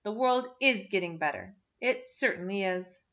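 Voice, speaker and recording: Woman reading as an optimistic timid middle-aged woman, earnest, bright voice. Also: mid-range voice, animated, highs cut off. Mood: eager. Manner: earnest, hurried, hopeful.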